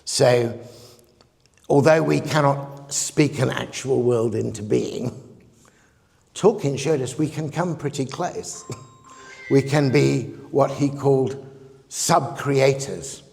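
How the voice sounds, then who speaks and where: A man's voice: mid-range voice, slow pace, gravelly, pauses often, a little mellow. A man giving a public lecture in a reflective, digressive way, often chuckling at his own points. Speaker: guest lecturer. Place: conference hall. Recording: long reverb of a lecture hall.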